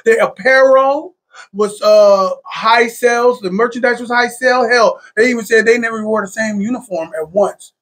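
A man hosting a casual podcast discussion, talking in an animated, enthusiastic way with many fillers. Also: very high voice, moderate pace. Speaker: podcast host.

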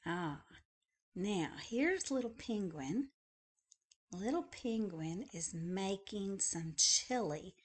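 A woman librarian reading a picture book aloud to young children in a gentle, friendly way. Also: mid-range voice, animated, takes it slowly, husky. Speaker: school librarian. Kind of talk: children's story read-aloud.

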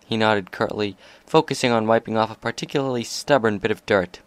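Man reading a story, smooth and dry. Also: fairly low pitch, fairly quick, no echo. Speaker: narrator. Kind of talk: reading fan fiction aloud.

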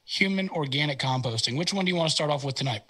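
A man's voice: a little high, animated, fast, bright, forceful tone, slightly rough. A man hosting a podcast, talking in a laid-back, chatty way and laughing often. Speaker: podcast host. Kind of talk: casual chat. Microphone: remote call.

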